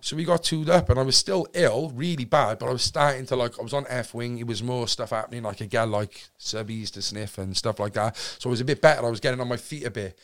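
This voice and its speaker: A man from Cardiff with a Welsh accent, a podcast guest telling a long story in an animated, rambling way with lots of fillers, restarts and swearing. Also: mid-range voice, fast talker, few pauses. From Wales. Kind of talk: casual storytelling in a podcast interview.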